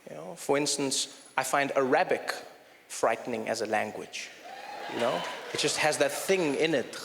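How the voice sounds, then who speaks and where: A man performing a stand-up comedy routine, animated and conversational with lots of "you know". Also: mid-range voice, normal speed, creaky, slight background noise. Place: comedy stage in a hall. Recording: hall reverb, faint room ambience.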